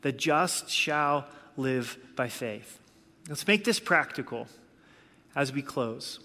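A man's voice: mid-range voice, lively intonation, takes it slowly, pushed and bright. A man preaching a sermon as a pastor, earnest and conversational, driving points home with repetition. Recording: long hall reverb.

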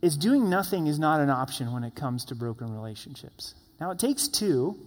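A man's voice: a little high, big pitch swings, moderate pace, in a large hall. A man preaching a sermon, earnest and direct, acting out the lines of the people in his story. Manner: earnest, acts out quoted voices. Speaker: pastor.

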